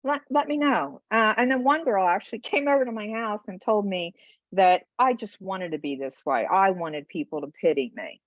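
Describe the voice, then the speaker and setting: A woman's voice: medium pitch, normal speed, dry recording. A middle-aged woman, a guest on a podcast, telling her own story with feeling and acting out other people's words as she goes. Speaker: guest, bereaved mother. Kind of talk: emotional personal storytelling. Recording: dull lo-fi podcast audio.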